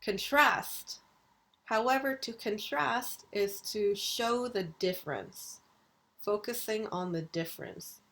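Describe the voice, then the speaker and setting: Slow, careful woman lecturer. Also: medium pitch, fairly bright tone. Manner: slow, deliberate enunciation of vocabulary. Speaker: university English lecturer. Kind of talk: recorded video lecture.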